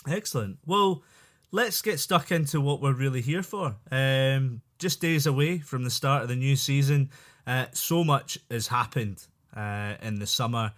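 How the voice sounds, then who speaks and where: A man's voice: medium pitch, a little slow, a bit bright. A man hosting a casual football podcast, jokey and chatty, laughing often. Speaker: podcast host.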